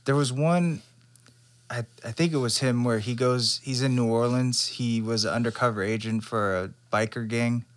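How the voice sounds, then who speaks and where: A man's voice: medium pitch, steady tone, moderate pace. A man co-hosting a podcast, chatting casually in a laid-back, agreeable way. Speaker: podcast co-host. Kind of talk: casual chat.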